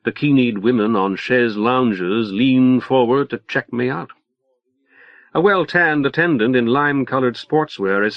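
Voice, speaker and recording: A man narrating a literary short story in the first person, measured and dry. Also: medium pitch, dry recording. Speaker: audiobook narrator. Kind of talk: literary audiobook reading. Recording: dull lo-fi cassette recording.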